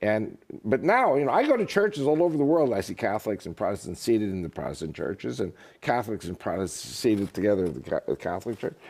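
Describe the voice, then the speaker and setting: Animated, joking male interview guest. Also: on the low side, fast, gravelly, hardly any pauses, husky. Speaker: guest, author and politician. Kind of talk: casual interview talk.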